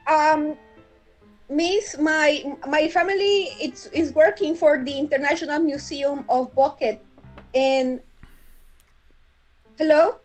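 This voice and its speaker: A woman playing a tabletop role-playing game, her voice pitched high. She argues earnestly and persuasively, often repeating words as she goes. Faint music sits in the background. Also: fairly even intonation, slow pace, long pauses, a little mellow, poor audio. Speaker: player.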